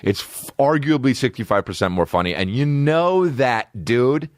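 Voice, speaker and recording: A man hosting a comedy podcast, riffing in a profane, animated rant full of repeated phrases. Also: medium pitch, normal speed, no echo, clean studio sound. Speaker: podcast host.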